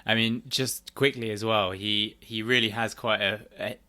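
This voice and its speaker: Easygoing guy gushing about a film, lowish voice, bright edge. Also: fairly even intonation, moderate pace, clean tone. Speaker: podcast co-host. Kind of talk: casual film review chat.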